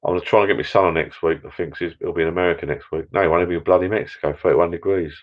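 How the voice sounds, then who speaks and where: Rapid-fire and steady in tone, a deep-voiced middle-aged man rambles casually on a live stream, sounding tired after a few beers and using mild swear words. He's in his backyard shed bar, a small indoor space, and the stream audio is dull and lo-fi.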